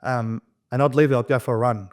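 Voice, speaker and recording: Fast-talking man telling a story. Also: medium pitch. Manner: rapid, animated, profane storytelling, acting out quoted dialogue. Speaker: podcast guest. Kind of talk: casual storytelling conversation.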